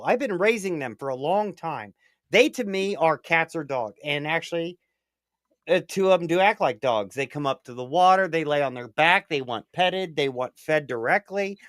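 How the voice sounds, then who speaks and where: A man in casual chat, telling rambling stories with lots of swearing and animated bursts. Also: on the high side, moderate pace, no echo, clean studio sound. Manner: rambling, profane storyteller; animated, swings up in excitement. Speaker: prepper livestream co-host.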